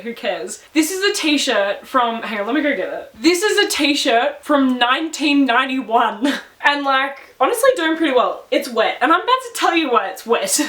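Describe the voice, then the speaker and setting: A young Australian vlogger tells a story to camera from her bedroom, chatty and emotional, laughing a lot and swearing occasionally. Her voice is fairly high and a little bright. The mic is distant, with the camera set back in an echoey room.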